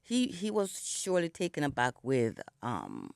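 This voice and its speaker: A deep, gravelly but clean voice with wildly swooping pitch comes from a middle-aged Jamaican singer, unhurried as she reflects in a radio interview. She's in storytelling mode with lots of "you know," her morning voice not yet warmed up. The clean studio sound carries no room noise.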